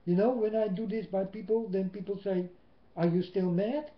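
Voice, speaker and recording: A man whose first language is Dutch, preaching a sermon in English into a webcam at home, slow and emphatic, swinging between loud and soft. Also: high-pitched, fairly even intonation. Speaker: lay preacher. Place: indoors at home. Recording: roomy, dull webcam audio.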